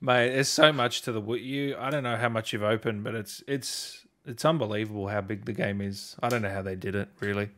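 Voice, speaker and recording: A man hosting a casual interview, easygoing and laughing often as he asks quick questions. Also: on the low side, fairly even intonation, a bit bright. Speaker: host.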